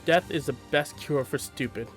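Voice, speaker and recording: A man voicing a small, tough old grandmother who talks gruffly and coarsely. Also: a little high, moderate pace, faint music behind, lightly acted. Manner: gruff, loud, coarse-spoken.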